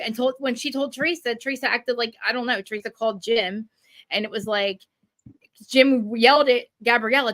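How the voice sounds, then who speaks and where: Lady ranting about reality tv drama, high bright voice, swears a lot. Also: no echo. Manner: rapid, profane, animated rant with frequent restarts. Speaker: guest commentator. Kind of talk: casual chat recapping a reality show.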